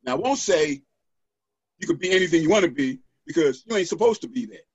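A middle-aged man talking as a podcast guest and author, animated and preacherly, checking in with "right?" as he goes. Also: on the high side, fairly quick, breathy edge, dry recording. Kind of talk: motivational podcast conversation. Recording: dull, dry lo-fi audio.

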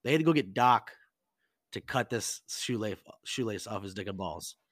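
A man's voice: lowish voice, expressive, moderate pace, fairly bright tone, no room sound, clean studio sound. Profane, rambling man telling a prank story. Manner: rambling, profane, lots of "like" and quoted dialogue. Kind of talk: casual storytelling with crude jokes.

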